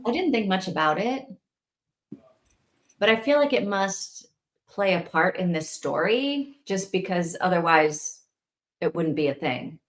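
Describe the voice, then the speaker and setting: Book club co-reader, woman, thoughtful and speculative, relaxed casual chat. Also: on the low side, a little slow, pauses often.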